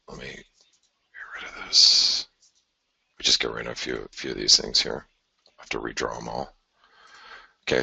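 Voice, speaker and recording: A man's voice: rumbling low, bright, forceful tone, slightly rough, no echo. A man hosting a live forex chart analysis, thinking aloud in a conversational way with sighs and restarts. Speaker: forex market analyst host.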